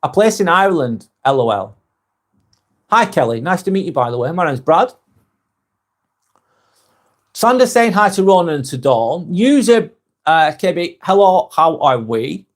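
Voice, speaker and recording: A man hosting a live vlog, chatting casually and reading viewers' comments aloud, with frequent "um"s and quick apologies. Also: on the high side, very animated. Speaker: live-stream host.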